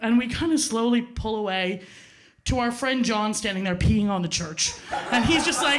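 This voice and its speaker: A woman telling a funny personal story live to a theater audience, animated, swearing freely and laughing at herself. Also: sits high, fairly quick. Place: theater stage.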